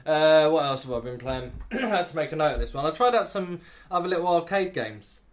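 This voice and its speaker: A man's voice: a little high, expressive, fairly quick. A man, a podcast co-host in casual chat, crude and laughing often as he rambles.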